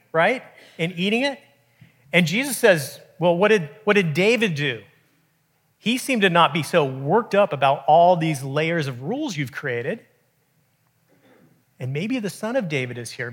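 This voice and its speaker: A man, preaching a sermon in a conversational, animated way with frequent restarts. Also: sits high, slightly rough. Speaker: pastor.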